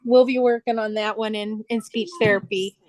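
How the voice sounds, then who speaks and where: A woman's voice: fairly high pitch, fairly even intonation, moderate pace, a little mellow, no room sound. A woman, older, hosting a live sewing stream and chatting fondly about her grandson on a video call. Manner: chatty, doting grandmother talk. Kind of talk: casual chat.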